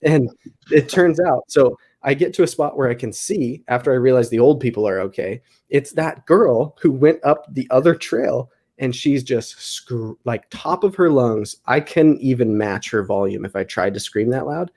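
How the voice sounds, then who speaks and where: Young guy podcast host, chatty storytelling, laughs a lot, mid pitch. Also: expressive, moderate pace, a little mellow. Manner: rambling, filler-heavy, laughing through the story. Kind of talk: casual storytelling.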